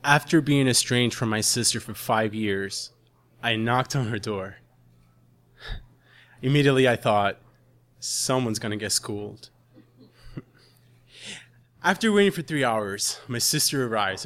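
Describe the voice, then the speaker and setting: Give me an earnest young man telling a dramatic story, bright and forceful. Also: medium pitch. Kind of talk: live storytelling.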